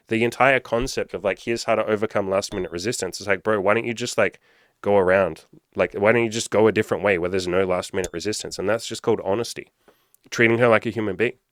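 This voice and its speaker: A man's voice: fairly low pitch, fast, fairly bright tone, dry recording, studio quality. A man talking as a dating coach in a casual monologue, blunt and swearing constantly, driving points home with rhetorical questions.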